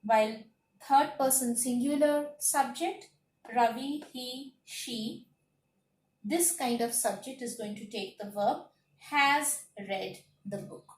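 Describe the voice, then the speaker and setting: A woman teaching a grammar lesson, slowly listing words one by one and repeating her points. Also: a little high, recorded from a distance. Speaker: English teacher. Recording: echoey room, voice off-mic.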